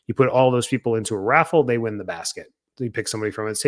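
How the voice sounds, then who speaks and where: Chatty, energetic man coaching. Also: medium pitch, racing, few pauses. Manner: energetic and chatty, acts out quoted lines. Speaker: podcast host coaching chiropractors. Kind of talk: casual coaching talk.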